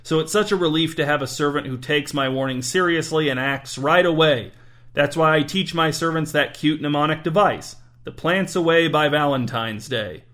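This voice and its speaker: A man's voice: fairly high pitch, normal speed, fairly bright tone, close to an everyday voice. A man reading a story aloud and voicing a bossy smudged creature with a grating voice and a haughty, demanding manner. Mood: smug. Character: smudged shadowy creature, bossy, scornful master.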